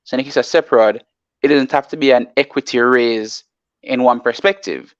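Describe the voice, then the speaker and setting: A man's voice: medium pitch, a little fast, dry recording, lo-fi sound. A man working as a market analyst on a live show, reading out formal text and explaining it at length, with many "you know"s.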